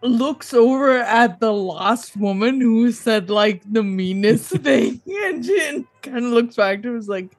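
A player describing their character's actions in a tabletop game, halting and hesitant. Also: medium pitch, lively intonation, dry recording. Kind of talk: tabletop role-play.

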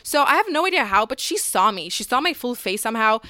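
A young woman telling a story to her vlog camera in a casual, animated way, packed with "like" and swearing. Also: a little high, no echo. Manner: fast, animated, lots of "like" and swearing. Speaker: YouTuber.

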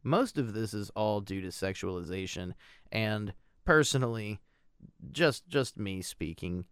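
A man's voice: fairly low pitch, measured pace, clean tone, no room sound, clean studio sound. A man co-hosting a casual film podcast, ranting and joking with plenty of profanity. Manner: animated, profane, joking rants. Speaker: podcast co-host.

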